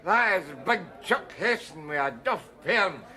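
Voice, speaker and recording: An actor playing a rough, cynical Scottish drinker in a TV sitcom, talking in a combative, scornful way. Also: male voice, high-pitched, animated, measured pace, sharp tone, exaggerated voice. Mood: mocking. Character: rough middle-aged man, cynical, argumentative drinker. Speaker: unemployed drinker Rab. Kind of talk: TV sitcom acting.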